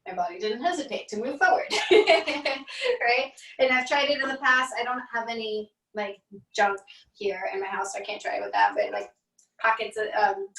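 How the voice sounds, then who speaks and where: A woman's voice: medium pitch, fairly bright tone, echoey room, far from the mic, rough recording. A woman teaching an online class in a casual, chatty way, laughing often, on a video call.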